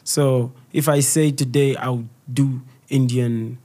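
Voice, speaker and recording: A young Zambian man speaking with a Zambian accent in a relaxed podcast conversation. His delivery is lively storytelling, and his pitch sits in the middle for a man. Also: takes it slowly. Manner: animated storytelling, switches into local language for quoted voices. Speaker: guest comedian and content creator. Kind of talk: casual interview talk.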